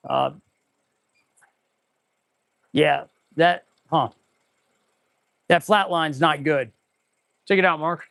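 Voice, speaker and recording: A man who runs an auto repair shop, chatting casually and excitedly on a livestream while he tests parts, rambling to viewers as he works. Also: on the high side, very slow, vocal fry, long pauses, no echo. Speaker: auto mechanic and shop owner hosting a livestream. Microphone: clip-on mic.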